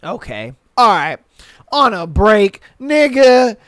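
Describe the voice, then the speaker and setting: A young man hosting a podcast, reading listener stories aloud and reacting with animated, profane commentary. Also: sits high, moderate pace, clean tone, dry recording, clean studio sound. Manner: animated, swears a lot, mocks with put-on quotes. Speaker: podcast host.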